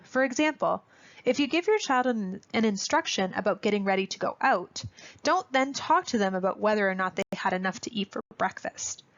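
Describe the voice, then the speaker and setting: A woman with a gravelly, creaky voice presents a parenting webinar in clear, instructive narration. She speaks directly to parents in an even, scripted manner. The audio is dull and lo-fi. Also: mid-range voice, brisk. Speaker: speech-language presenter.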